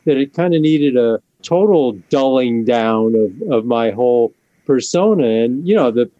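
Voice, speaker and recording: A man's voice: medium pitch, lively intonation, measured pace, warm tone, no echo, lo-fi sound. A man, a band member, speaking hesitantly and self-deprecatingly in a casual interview.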